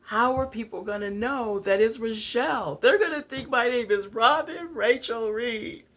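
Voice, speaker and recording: A tearful, indignant little girl whose voice jumps up high and pleads through her crying, as a woman recalls her younger self. Her tone is worried and insistent. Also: normal speed, fairly bright tone. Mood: pleading.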